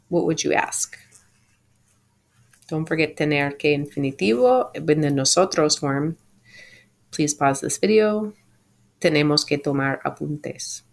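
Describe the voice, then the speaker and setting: Low-voiced woman teaching a recorded class. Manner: clear, patient explaining with slow modelled phrases. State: home sick. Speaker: Spanish teacher. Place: at home.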